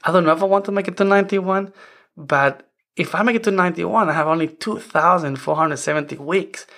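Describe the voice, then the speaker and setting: A man's voice: high-pitched, fairly quick, vocal fry, sharp tone. A man in his forties, not a native English speaker, hosting a self-help podcast in an earnest, rambling way. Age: 40s. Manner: earnest, rambling with many "I mean" restarts. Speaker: podcast host.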